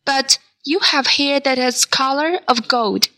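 A woman voicing a wise, lonely male fox who longs to be tamed, speaking gently and earnestly in a storybook reading. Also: high voice, unhurried, pitched above the performer's own voice, full character voice. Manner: gentle, earnest, explaining patiently.

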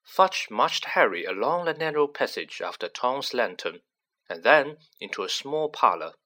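A man narrating a storybook in an unhurried, expressive reading. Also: mid-range voice. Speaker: audiobook narrator.

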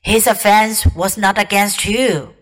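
A woman reading aloud, voicing a wise male lion king who speaks gravely and calmly. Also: mid-range voice, poor audio. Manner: grave and measured.

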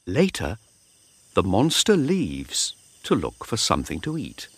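Slow, deep-voiced storybook narrator man. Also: wildly swooping pitch, no room sound. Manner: slow and clearly paced for learners. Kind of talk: storybook reading.

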